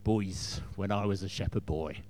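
A man putting on a gruff, monotone old warrior king. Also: low-pitched, normal speed, voice pushed down, lightly acted. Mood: boastful. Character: gruff aging male warrior king telling stories.

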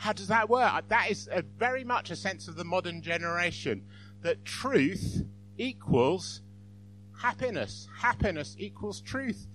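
A man's voice: sits high, animated, unhurried, sharp tone, a little hiss or hum. A man giving an informal church talk, self-deprecating and apologetic with frequent chuckles. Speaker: church speaker.

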